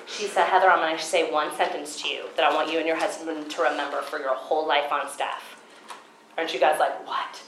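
Animated woman giving a Christian seminar talk. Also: low voice, a little fast, echoey room, a little hiss or hum, poor audio. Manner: animated storytelling, acting out her own past thoughts. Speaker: conference speaker.

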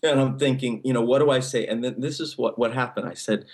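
A man delivering a sermon in a relaxed, conversational voice at a middle pitch. He stumbles and restarts often and checks in with the listeners, but his voice climbs sharply whenever he stresses a point. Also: fast, few pauses. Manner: conversational preaching with frequent restarts and "okay?" check-ins. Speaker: pastor.

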